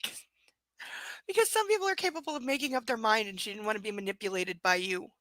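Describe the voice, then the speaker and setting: A woman reads a novel aloud in a clear, bright voice. She keeps stopping for sarcastic, amused remarks about the characters. The sound is dry and close. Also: medium pitch, fast, no echo, low-quality recording. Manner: sarcastic asides, laughing at the text. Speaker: reader. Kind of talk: live book reading with commentary.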